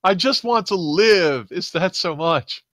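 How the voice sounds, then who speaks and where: A man's voice: high voice, animated, slow, a bit bright, no room sound, studio quality, voice pushed up, heavily acted. A man voicing a timid male insectoid alien who moves boxes, with a meek, plaintive and hesitant way of talking.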